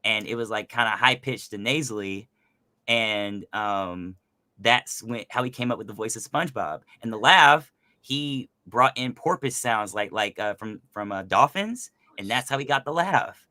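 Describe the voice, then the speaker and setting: This man has a bright, forceful voice and a very dry, close sound. He talks in an animated, casual way, full of fillers, as a voice actor explaining how to build characters. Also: on the low side, moderate pace, no echo. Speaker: voice actor guest. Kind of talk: casual podcast chat.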